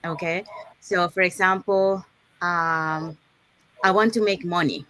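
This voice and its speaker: A woman's voice: lowish voice, steady tone, slow, bright, forceful tone, dry recording. A woman hosting an online live session, explaining goal setting step by step, with frequent "okay"s and restarts. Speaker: host.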